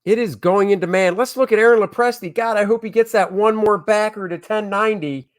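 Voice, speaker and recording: A man who makes comics, chatting excitedly with viewers on a casual crowdfunding livestream from home. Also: high-pitched, fairly quick. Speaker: comic creator hosting a crowdfunding stream.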